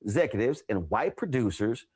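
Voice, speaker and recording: A man hosting a talk show and interviewing an author, telling stories with lively repetition for emphasis. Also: mid-range voice, moderate pace, husky. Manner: animated storyteller, repeats phrases for emphasis.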